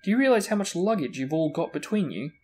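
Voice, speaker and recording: A man reading aloud, voicing a brisk, bossy middle-aged mother who scolds shrilly. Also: a little high, sing-song, darkish tone, pitched above the performer's own voice. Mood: scolding.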